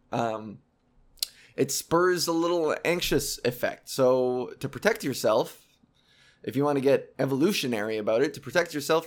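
A young man hosting a casual explainer monologue, rambling and sarcastic, with profane asides. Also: mid-range voice. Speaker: video host.

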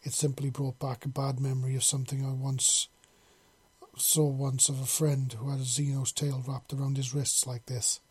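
A man's voice: mid-range voice, completely flat delivery, normal speed, a little mellow, slightly rough, no echo, close to an everyday voice. A man voicing a devoted young human man who speaks breathlessly in a storybook reading.

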